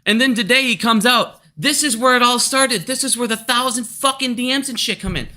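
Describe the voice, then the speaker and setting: A man delivers a heated, profane market rant straight at his audience. His voice sits high and has a bright, sharp edge. He argues hard and swears constantly without letting up. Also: fairly quick. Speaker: stock market commentator. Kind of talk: angry ranting vlog.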